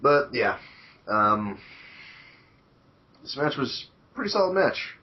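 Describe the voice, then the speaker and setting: A man's voice: mid-range voice, big pitch swings, takes it slowly. A man co-hosting a podcast in casual chat, talking in an offhand, matter-of-fact way. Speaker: podcast co-host. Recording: dull lo-fi audio.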